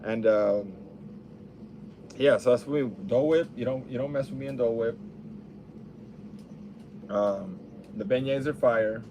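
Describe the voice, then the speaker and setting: A young man rambles through a casual, laid-back monologue, swearing freely as he goes. His voice sits at an ordinary middle pitch. A faint hiss of background noise runs under the recording. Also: unhurried, pauses often.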